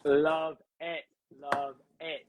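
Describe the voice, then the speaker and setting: A man's voice: a little high, flat delivery, drawn-out words, very noisy. A man chatting as a guest on a live stream, gushing and rambling, with lots of "like" and "do you know what I mean.". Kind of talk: casual live chat.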